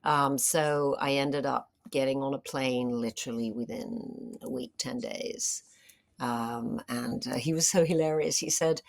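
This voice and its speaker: A middle-aged woman, an actress, telling stories in a casual interview, animated and full of fillers and restarts. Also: rumbling low, a little slow, gravelly. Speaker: actress and screenwriter, interview guest.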